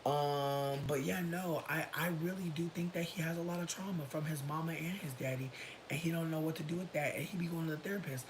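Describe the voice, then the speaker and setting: A man casually telling a personal story to his livestream viewers, sassy and dramatic, with slangy asides. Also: brisk. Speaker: livestream host. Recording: low rumbling background noise.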